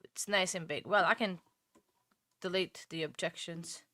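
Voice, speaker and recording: A woman's voice: on the low side, unhurried, a bit bright, no room sound. A woman hosting a live stream, talking casually and thinking aloud with many fillers and restarts. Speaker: livestream host.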